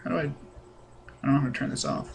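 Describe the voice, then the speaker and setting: A young man talking to camera in a deadpan, rambling way, full of ums and mock-sincere asides. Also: mid-range voice, rapid-fire, creaky, slight background noise. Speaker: comedic vlogger.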